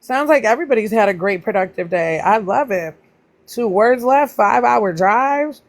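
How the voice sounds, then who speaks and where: A woman chatting casually with viewers on her livestream, greeting them by name and teasing them playfully. Her voice jumps up high whenever she welcomes someone. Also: lively intonation, moderate pace. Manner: pitch jumps up high when greeting people. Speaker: livestream host.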